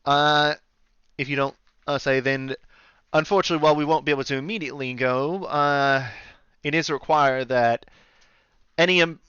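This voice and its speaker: A man's voice: fairly high pitch, fairly even intonation, normal speed, long pauses, a bit bright, smooth, no echo, highs cut off, natural voice. A man voicing an elf guild leader, speaking politely and formally and restarting his sentences as he feels for his words. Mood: explaining.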